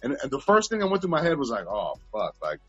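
Husky dude talking fast, cussing thru a long story, dull lo-fi sound. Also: male voice, medium pitch, huge pitch swings, no room sound, faint music behind. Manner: profane, rambling storyteller. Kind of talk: casual storytelling chat. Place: at home.

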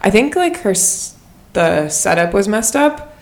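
A young woman co-hosting a relaxed conversation, quick to laugh. She tells her stories in an animated way and jumps into high, squealy voices when she quotes herself. Her voice sits at an ordinary middle pitch. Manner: giggly, animated storytelling with squealy put-on quotes. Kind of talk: casual chat.

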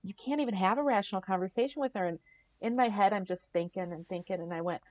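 A middle-aged woman guest on a podcast, telling her story in a casual, animated way, often acting out what others said and laughing. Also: mid-range voice, fast talker, no echo.

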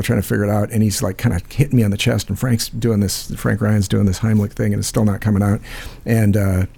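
Gravelly husky man telling a story. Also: on the low side, warm tone. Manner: rambling, profane, many fillers. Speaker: host. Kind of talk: casual storytelling.

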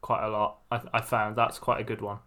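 A man's voice: lowish voice, level tone, brisk, sharp tone. A man with a Welsh accent from Wrexham, co-hosting a casual podcast in a wry, self-deprecating way. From Wales. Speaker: podcast co-host. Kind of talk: casual chat.

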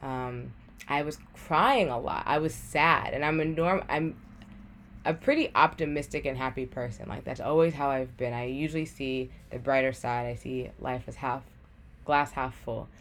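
A woman's voice: extremely low pitch, normal speed, a little hiss or hum. A young adult woman telling a personal story in a casual, chatty way, with lots of "like" as she talks. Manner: chatty, heavy use of "like", acts out her own past thoughts. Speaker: podcast guest sharing a personal story.

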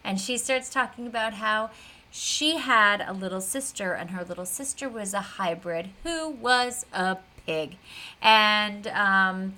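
A woman co-hosting a podcast, retelling a TV episode in a chatty, animated way with plenty of fillers. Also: mid-range voice, measured pace, a little hiss or hum. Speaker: podcast co-host. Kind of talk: casual recap of a TV episode.

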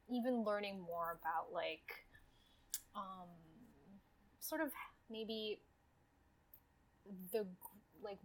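A woman co-hosting a podcast in casual chat, relaxed and thinking aloud with fillers. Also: fairly low pitch, breathy edge, low-quality recording. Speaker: podcast co-host.

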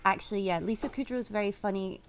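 Brief: female podcast co-host, lively casual film talk, mid-range voice. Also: medium pitch, fast talker, a little hiss or hum. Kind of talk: casual film review chat.

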